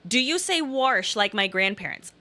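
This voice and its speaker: A middle-aged woman with a faint Southern Illinois twang chats on a live stream, reading viewer comments out loud. Her mid-range voice is bright, forceful and animated, her pace a little slow, and she rambles, repeats herself and tosses in pleading asides.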